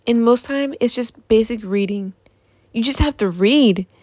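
A woman's voice: on the high side, measured pace, darkish tone, no room sound. A young woman in a casual vlog, ranting in an exasperated, profane way about things that annoy her. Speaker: vlogger.

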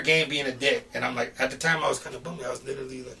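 A middle-aged man casually telling a story on a podcast, animated and swearing, shouting out the quoted lines. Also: fairly high pitch, racing, creaky, hardly any pauses, recorded from a distance. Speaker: podcast guest.

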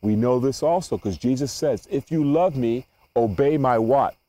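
A man's voice: mid-range voice, moderate pace, dark tone. A man giving a sermon to an audience, quizzing them with questions and repeating words as he thinks. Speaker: preacher.

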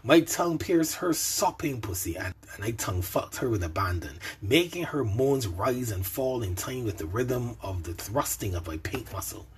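A man narrating an adult story in a soft, intimate way, sometimes dropping to a whisper. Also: mid-range voice, animated, normal speed, few pauses, a little hiss or hum.

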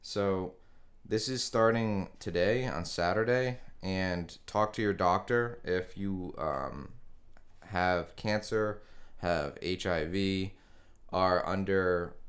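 A man co-hosting a podcast, walking through news in an unhurried, informative way. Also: sits low, steady tone. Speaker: podcast co-host. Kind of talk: casual chat, news rundown.

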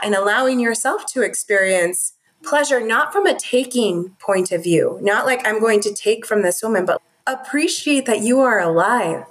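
A woman talking earnestly and from the heart as a guest in a podcast interview. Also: a little high. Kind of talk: conversational interview talk.

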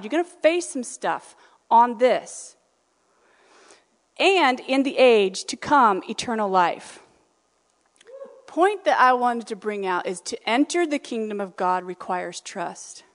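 A woman preaching a sermon in a conversational, animated way, acting out the voices she quotes. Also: on the high side. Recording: reverberant hall.

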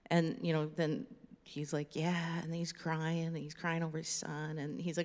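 A woman with a lowish, gravelly voice tells stories in a chatty, animated way, as part of a casual teaching talk. The sound carries a long hall reverb. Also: a little fast. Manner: chatty, animated storytelling with laughs. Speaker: ministry leader.

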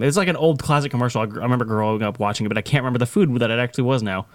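Man, young adult, podcast co-host, rambling casual storytelling, middle pitch, dead dry sound. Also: rapid-fire, few pauses, no echo. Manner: animated, rambling with fillers and acted-out quotes.

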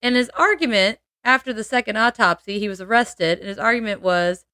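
A woman's voice: mid-range voice, a little fast, hardly any pauses, sharp tone, dry recording. Woman telling a true-crime story, dry mic. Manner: laughs often, playful asides. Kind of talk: casual storytelling chat.

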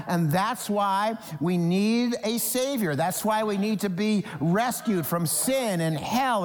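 Man preaching a sermon, from new jersey, high-pitched voice, animated delivery, long hall reverb. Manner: animated, acts out Bible characters in quoted voices. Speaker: pastor.

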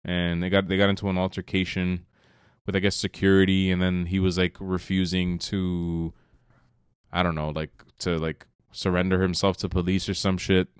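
A man's voice: low-pitched, little pitch movement, normal speed, clean tone, no echo, clean studio sound. A man co-hosting a podcast, chatting casually with loose, profane, jokey banter. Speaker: podcast co-host. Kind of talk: casual chat.

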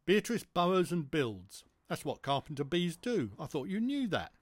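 A man's voice: a little high, very animated, normal speed, no echo, voice pushed up. A man voicing a small, fussy and nervous boy insect in a storybook.

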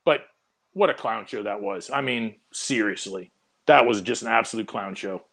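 A man's voice: fairly low pitch, moderate pace, gravelly. A man, a police corporal on a panel show, ranting in exasperated, scornful casual chat about a scene he watched. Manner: exasperated, scornful, animated storytelling.

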